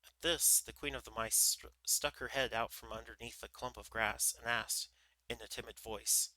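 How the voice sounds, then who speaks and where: A man reading a children's book aloud on a livestream, relaxed, with small slips and restarts. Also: medium pitch, moderate pace, no room sound, poor audio. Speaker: livestream storyteller.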